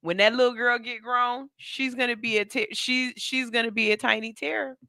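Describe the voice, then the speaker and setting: Bright, crisp-voiced radio host man. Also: extremely high pitch, moderate pace, dry recording, studio quality. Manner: animated, repeats himself for emphasis. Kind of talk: casual commentary on clips.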